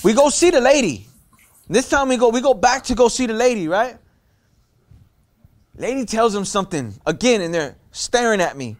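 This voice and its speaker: High-voiced man telling a street story. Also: normal speed, long pauses. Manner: animated, acts out voices of relatives; streetwise slang, loose rambling. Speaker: storyteller in a clip being reacted to. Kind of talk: casual storytelling.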